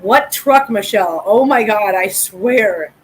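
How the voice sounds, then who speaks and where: A woman's voice: medium pitch, expressive, takes it slowly, low-quality recording. A middle-aged woman hosting a casual live chat, telling stories with a loose, laughing, swearing manner. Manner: chatty storyteller, laughs often, swears casually. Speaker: livestream host.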